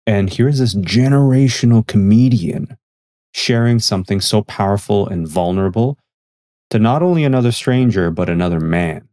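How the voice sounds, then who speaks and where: A man's voice: lowish voice, normal speed, mellow, no room sound, clean studio sound. A man from Canada, a podcast guest and magazine editor, telling a story in an earnest, reflective way and acting out the dialogue.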